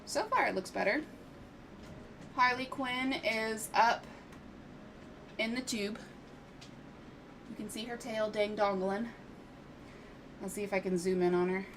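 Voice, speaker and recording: Bright-voiced woman chatting with her cats. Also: mid-range voice, a little slow, long pauses, a little hiss or hum. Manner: coos and scolds her cats in a playful sing-song. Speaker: gaming streamer. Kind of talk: casual chat while modding a game.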